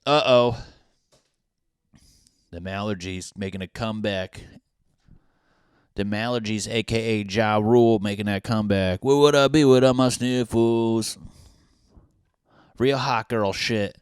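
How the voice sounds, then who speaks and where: Low-voiced sarcastic profane man. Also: steady tone, a little slow, long pauses, darkish tone, clean tone, no echo, clean studio sound. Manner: profane, sarcastic, reads lyrics and captions aloud mockingly. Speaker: podcast host. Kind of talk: casual solo podcast rant.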